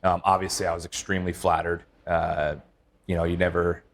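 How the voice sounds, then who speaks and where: A middle-aged man, a baseball team manager, talking casually in an interview, relaxed and rambling with many fillers and restarts. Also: low-pitched, fairly quick.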